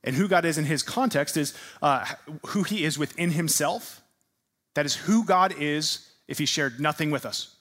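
A man's voice: a little high, moderate pace, fairly bright tone. A man teaching a sermon-style class. He puts questions to his listeners, repeats their answers back, and leans hard on repeated words for emphasis.

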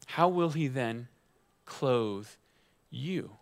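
A man's voice: medium pitch, expressive, drawn-out words, vocal fry. Conversational man preaching a sermon. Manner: conversational preaching with asides and rhetorical questions. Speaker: guest pastor.

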